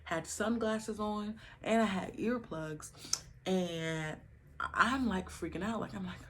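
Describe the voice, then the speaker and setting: A young woman vlogging to her camera at home, casually telling her labor story with animated, slangy asides to viewers. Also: mid-range voice, takes it slowly, slight background noise.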